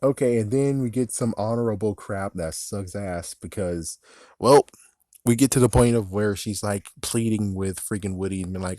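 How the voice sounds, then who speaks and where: A man's voice: lowish voice, normal speed, dark tone, no room sound, clean studio sound. A man giving a casual movie review as an exasperated, profane rant, often laughing at his own jokes.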